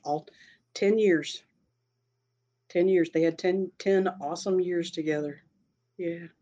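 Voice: medium pitch, fairly even intonation, slow, mellow, dull audio. A speaker telling a personal story in a casual, rambling way, often breaking into laughter. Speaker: storyteller sharing a personal experience.

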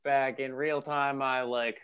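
A man's voice: medium pitch, flat delivery, takes it slowly, smooth, phone-quality sound. A man casually improvising an absurd comic story with a friend on a podcast. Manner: improvises absurd stories, acts out quoted voices. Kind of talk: casual comedic riffing.

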